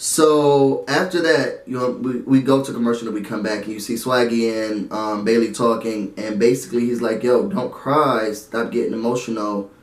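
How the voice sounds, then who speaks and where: A man's voice: medium pitch, moderate pace, hardly any pauses. Chatty man recapping in a roomy space. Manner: animated, chatty, laughs often. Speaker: show recap vlogger. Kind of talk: casual recap and review.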